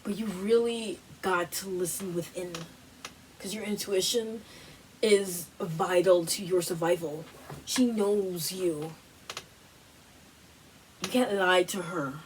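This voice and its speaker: A woman hosting a wellness workshop, giving a casual motivational talk full of "like" and "you know", with animated, repetitive phrasing. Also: fairly low pitch, slow pace, long pauses, recorded from a distance, a little hiss or hum, rough recording.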